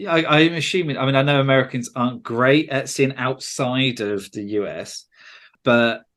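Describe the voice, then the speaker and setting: A man's voice: medium pitch, normal speed, a bit bright. A man with a southern English accent hosting a podcast, chatting casually and joking. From England. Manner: chatty, jokey, slips into mock regional accents. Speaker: podcast host.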